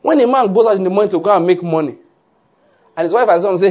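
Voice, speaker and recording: Male preacher, husky voice on the high side, animated sermon delivery, keeps asking the crowd if they get it. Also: quick pace. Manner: animated, asks "are you getting my point?" often, laughs along. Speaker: pastor.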